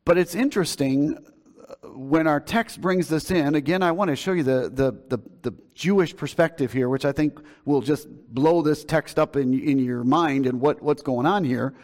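A man's voice: a little high, normal speed, darkish tone. Man preaching in a reverberant hall. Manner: conversational preaching, retelling scripture with emphasis. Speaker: pastor. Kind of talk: sermon.

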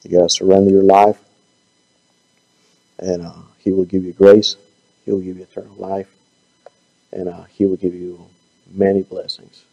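A man with a low, gravelly voice teaches a Bible class. His voice is going hoarse, and he halts and stumbles as he hunts for words. The tone stays dark and mellow throughout. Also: completely flat delivery, highs cut off. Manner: halting, stumbles and repeats words. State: losing his voice. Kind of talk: Bible study teaching and closing prayer.

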